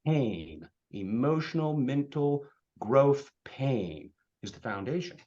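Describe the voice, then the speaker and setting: A man giving a blunt, fired-up motivational talk to his team, swinging between loud bursts and hushed asides. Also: medium pitch, very animated, slow pace, lo-fi sound. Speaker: insurance agency leader speaking to his team.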